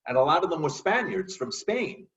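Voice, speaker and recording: A man telling lively stories in a casual conversation. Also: a little high, normal speed, distant mic, dull audio. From New York. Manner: animated, acts out voices in his stories. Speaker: guest.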